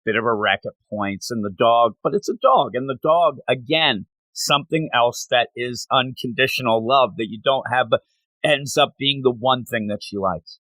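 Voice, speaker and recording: A man hosts a casual manga review, retelling the plot with animated, emotionally invested delivery. His voice sits at a medium pitch. The recording is dry and close, with no room sound. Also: normal speed, no room sound. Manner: animated retelling, acting out characters' lines. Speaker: manga review show co-host.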